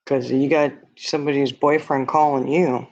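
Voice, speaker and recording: A woman's voice: rumbling low, steady tone, normal speed, a little mellow. A woman hosting a livestream, chatting casually with viewers and rambling through a hypothetical with lots of fillers. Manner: rambling, many fillers, talks to chat. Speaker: livestream host. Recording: dull lo-fi stream audio.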